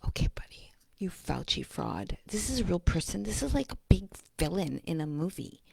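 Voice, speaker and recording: A woman with a low voice full of gravelly fry talks slowly in a rambling vlog. She often slips into a husky, breathy whisper and speaks bluntly. The sound is close and dry, with no room echo. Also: very animated, warm tone. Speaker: vlogger. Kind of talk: casual rambling monologue.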